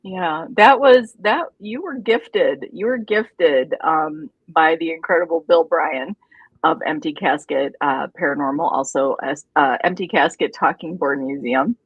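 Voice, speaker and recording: A woman's voice: low voice, unhurried, breathy edge, no room sound, muffled recording. A woman co-hosting a live stream, bubbly and chatty, greeting viewers one by one. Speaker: co-host. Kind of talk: casual live-stream chat.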